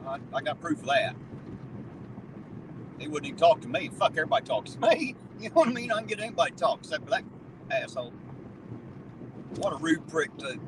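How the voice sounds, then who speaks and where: The man, an auditor hosting his channel, talks casually and derisively from the driver's seat, laughing and swearing frequently. His fairly high voice is very animated and a little fast, broken by long pauses, over loud noise of the moving car.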